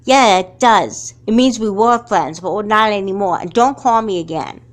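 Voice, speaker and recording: A woman's voice: mid-range voice, normal speed, close to an everyday voice. A woman voicing an angry, hurt schoolgirl who accuses her friend in a fan doll movie. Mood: accusing. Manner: indignant, accusing.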